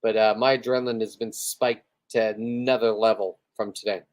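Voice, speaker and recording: A man's voice: on the low side, level tone, normal speed. Man, casual livestream host, a bit buzzed, profane and boastful, rambling off the cuff. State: tipsy after beers and an edible. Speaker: livestreaming spearfisherman.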